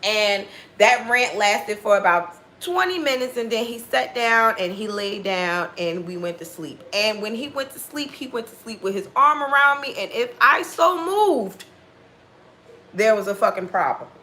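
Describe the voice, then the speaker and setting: A woman's voice: on the high side, animated, unhurried, sharp tone. A woman telling a personal story in a casual monologue, blunt and full of swearing, acting out what people said. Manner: blunt and heavily profane, acting out quoted dialogue.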